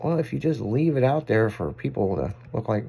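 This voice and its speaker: A man's voice: medium pitch, very animated, fairly quick, gravelly, dark tone, a little hiss or hum. A man hosting a radio show, telling rambling, profane stories in a casual on-air chat. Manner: rambling, profane, self-amused anecdotes.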